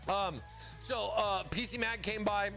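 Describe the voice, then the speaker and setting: A man's voice: high voice, a little slow, creaky, bright, forceful tone, faint music behind. A man hosting a casual product livestream, rambling and often stammering and repeating words. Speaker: livestream host.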